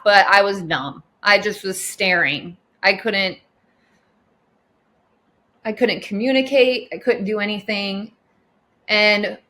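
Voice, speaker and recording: A woman's voice: mid-range voice, bright, forceful tone. A woman recounting her own experience as a patient in casual, chatty storytelling, full of quoted dialogue and frequent fillers.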